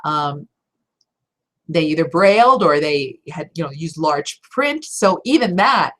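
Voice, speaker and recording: During a live Q&A teaching talk, a woman with a slightly low voice coaches aspiring voice actors. She's expressive, direct and warmly encouraging, pressing firmly on key words and tossing in brief laughs.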